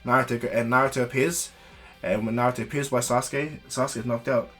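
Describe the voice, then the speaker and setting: A man's voice: medium pitch, fairly even intonation, fairly quick, fairly bright tone, faint music behind. Rambling man spinning a fan story. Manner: rambling, frequent restarts and "okay?" asides. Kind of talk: casual improvised storytelling.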